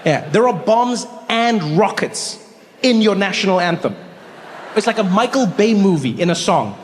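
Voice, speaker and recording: Guy doing stand-up, fairly high voice, lively storytelling, long echo from a big hall, faint room noise. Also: moderate pace. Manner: animated storytelling, swings between voices. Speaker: stand-up comedian. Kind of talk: stand-up comedy routine. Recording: live hall with long reverb.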